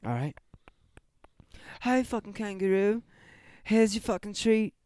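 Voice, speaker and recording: A man's voice: high-pitched, unhurried, darkish tone, dry recording. A man in an improvised comedy sketch, voicing a brash, profane Australian zookeeper who blusters, stumbles over words and says "mate" constantly. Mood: blustering.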